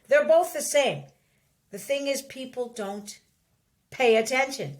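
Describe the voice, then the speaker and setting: Slow-talking woman podcast host, emphatic. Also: fairly high pitch. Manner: emphatic, drops to soft sighing asides. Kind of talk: casual chat.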